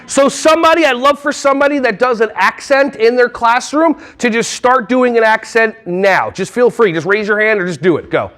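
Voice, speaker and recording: A man from New Jersey giving a playful, animated keynote on early childhood classroom management to a conference crowd. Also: very high-pitched, a little fast, few pauses. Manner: playful and animated, breaking into silly voices and songs. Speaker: early childhood education trainer. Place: large conference hall.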